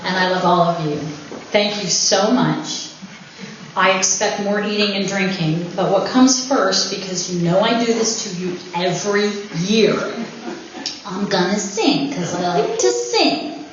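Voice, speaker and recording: Woman, party speech, joking, laughs a lot, mid-pitched, roomy hall, ambient background hum. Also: measured pace. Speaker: speaker at her own anniversary party. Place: winery event room. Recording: very echoey, dull room recording with ambience.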